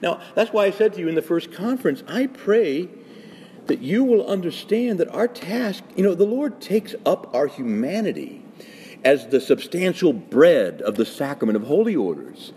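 Priest guy giving a talk to other priests, really lively up and down voice, earnest, big echoey hall. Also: fairly high pitch, moderate pace, slight background noise. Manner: earnest, emphatic, conversational with asides. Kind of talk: spoken retreat talk. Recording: echoey hall with faint ambience.

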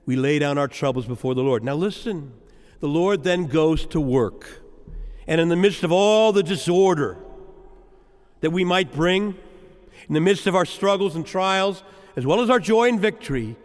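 A man preaching a sermon as a priest, with rhythmic, repetitive phrasing and dramatic pauses. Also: fairly high pitch, expressive, big-room sound. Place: church.

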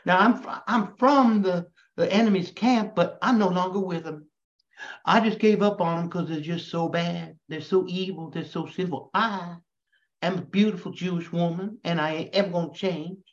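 A man's voice: sits high, normal speed, pitched above the performer's own voice. A man doing a coy, scheming Southern belle with a hammed-up Southern drawl, sweet-talking in a voice pushed well above his own. She purrs and coaxes. The lo-fi recording sounds dull. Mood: flirtatious. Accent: Southern US, put on.

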